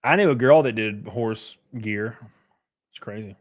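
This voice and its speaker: A young man casually chatting on a livestream while reading chat. He is loose and profane, uses lots of fillers and suddenly jumps way up in pitch for jokes. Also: unhurried. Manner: animated, pitch jumps up sharply on bits.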